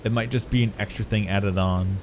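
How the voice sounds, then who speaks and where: A man's voice: on the low side, steady tone, fairly quick, noisy background. A man streaming a video game, chatting casually with his viewers and swearing now and then. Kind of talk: casual gameplay commentary.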